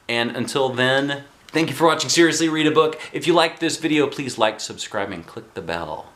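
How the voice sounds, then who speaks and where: A man reading a children's book aloud as a dad, in an expressive, playful way. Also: mid-range voice, moderate pace, a little hiss or hum. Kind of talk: storybook read-aloud.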